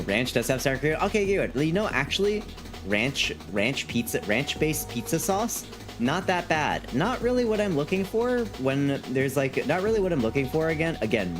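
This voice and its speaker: A man's voice: mid-range voice, very animated, a little fast, music in the background. A man chatting casually on a live stream, reading chat aloud in a playful, rambling way and repeating himself.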